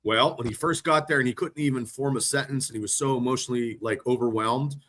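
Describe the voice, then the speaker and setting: A man co-hosting a casual sports podcast, talking in an excitable, rambling way and swearing freely. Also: medium pitch, fast talker, slight background noise. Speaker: podcast co-host.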